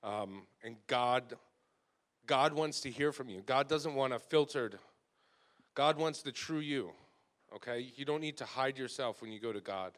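A man's voice: medium pitch, normal speed, a bit bright. Man leading a church talk; heartfelt, chatty, owns up to his own faults. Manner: earnest, emotional, self-deprecating, conversational. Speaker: church leader. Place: church gathering.

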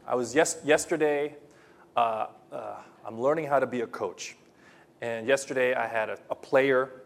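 A man preaching a sermon as pastor, repeating phrases and swinging between loud emphatic bursts and quiet, hushed lines. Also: medium pitch.

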